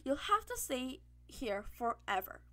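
A woman voicing a grandiose, mad and very rich man who is a villain, speaking in calm, self-assured speeches. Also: high voice, measured pace, exaggerated voice. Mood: persuasive.

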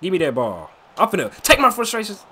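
A young man doing casual, slangy gameplay commentary at home, animated and trash-talking. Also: sits high, fast talker, slightly rough. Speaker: gaming channel host. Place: at home, late at night. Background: background music.

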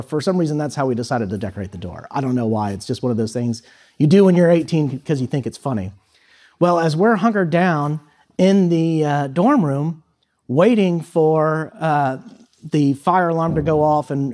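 Giving a storytelling talk as a high school guest speaker, a man in his thirties shares a personal tale in a loose manner peppered with fillers. His voice is on the high side and a little mellow.

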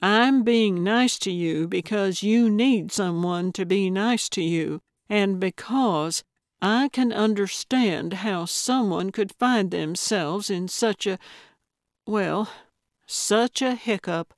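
A woman narrator voicing a blunt, coaxing elderly woman amateur detective in an audiobook, speaking louder and more briskly than her narration. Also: medium pitch, dry recording, studio quality.

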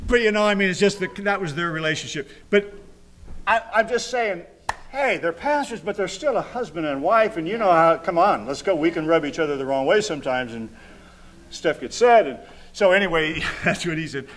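Male pastor, high-pitched, conversational sermon delivery in a church, reads scripture in between asides. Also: big pitch swings, fairly quick, a bit bright, a little hiss or hum. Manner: conversational, chuckling asides, reading scripture aloud. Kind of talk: informal sermon. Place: church sanctuary.

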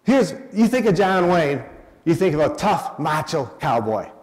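Man in his 60s, hospice talk, storytelling, quizzes the crowd, higher-pitched voice, long hall reverb. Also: very animated, a little slow. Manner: conversational, quizzes the audience. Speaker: guest speaker, hospice educator.

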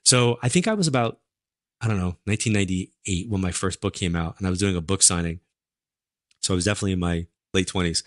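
A low-voiced man tells stories as a podcast guest. His talk is chatty and animated, packed with fillers. The recording is dry and close. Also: fast talker, no echo. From New York. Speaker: psychic medium guest. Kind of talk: casual interview storytelling.

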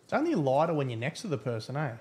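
A man's voice: mid-range voice, sing-song, quick pace, darkish tone, slightly rough. A man giving casual, profane, rambling live-stream commentary as a game streamer.

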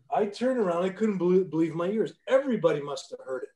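A man in his fifties tells stories from his playing days as a podcast guest, blunt and profane, with frequent restarts. His voice sits a bit high yet sounds dark and mellow. The room around him is echoey. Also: lively intonation, brisk, hardly any pauses. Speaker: guest, former pro hockey player. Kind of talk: casual storytelling interview.

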